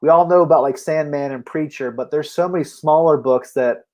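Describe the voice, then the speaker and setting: A chatty man with a voice pitched a little above the usual, co-hosting a relaxed comic book talk show. He laughs easily and often restarts a sentence before finishing his thought. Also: fairly quick. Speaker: podcast co-host. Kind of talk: casual comic book chat.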